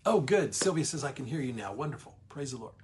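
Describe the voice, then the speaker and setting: A middle-aged man leads a Bible study over livestream, speaking emphatically and slowing on key words as he welcomes viewers who join. His voice sits at medium pitch and sounds animated.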